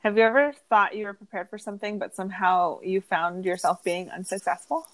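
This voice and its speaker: A woman's voice: mid-range voice, fairly quick, rough recording. Laughing woman recapping an episode. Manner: laughs often, animated storytelling. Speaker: podcast host. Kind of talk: casual chat and episode recap.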